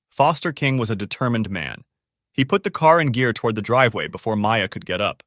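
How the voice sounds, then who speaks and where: A man's voice: on the low side, very animated, brisk, a bit bright, no echo, clean studio sound. A man narrating a first-person story in a scripted storytelling style.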